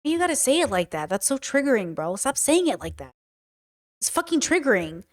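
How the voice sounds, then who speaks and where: High-voiced, exasperated young woman reacting. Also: a little fast. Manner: animated, exasperated, swears and ranting. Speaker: host reacting to a video. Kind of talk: reaction stream commentary.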